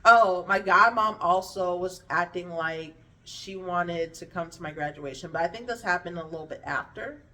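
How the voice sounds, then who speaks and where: A woman's voice: fairly low pitch, moderate pace, hardly any pauses, sharp tone, distant mic. Frank woman, mic set back. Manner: frank, meandering, profane, trailing off and restarting. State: hungry, slurring words a little. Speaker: vlogger. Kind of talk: candid personal storytelling to camera.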